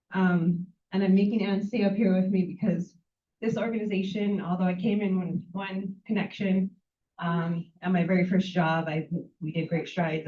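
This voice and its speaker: A woman in her thirties speaks on the spot, near tears and halting, with many fillers. Her voice is a little low and rings in a roomy space. It is caught from far off and sounds thin and phone-like. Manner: halting, full of fillers and restarts. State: close to tears. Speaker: nonprofit fundraising staff member. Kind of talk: impromptu farewell speech. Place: event room with audience. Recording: echoey, distant, tinny phone-like sound.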